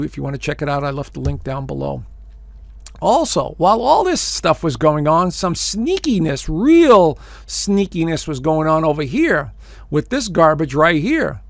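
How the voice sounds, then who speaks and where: A man's voice: on the high side, creaky, no echo. A man hosting his own astrology video show, giving casual, emphatic commentary straight to his viewers with plenty of fillers and repeated phrases. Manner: emphatic, addresses listeners as folks.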